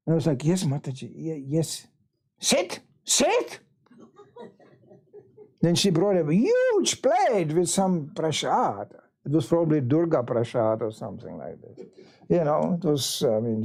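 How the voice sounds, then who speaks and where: A man telling stories during a temple talk, his pitch leaping up and down with lively energy. He slips into the voices of the people he describes, keeping the room along with an easy, anecdotal flow. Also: creaky. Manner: animated storyteller, acts out quoted voices. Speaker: visiting monk giving a talk. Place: temple hall.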